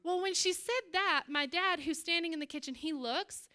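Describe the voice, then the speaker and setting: A middle-aged woman pastor giving a sermon as an animated storytelling preacher. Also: extremely high pitch, moderate pace. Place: church stage.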